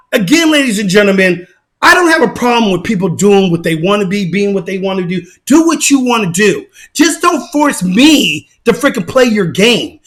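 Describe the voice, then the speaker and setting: A male online commentator talks through a casual reaction rant in a notably high voice. He keeps it heated and emphatic and circles back over his points. His tone is bright and forceful.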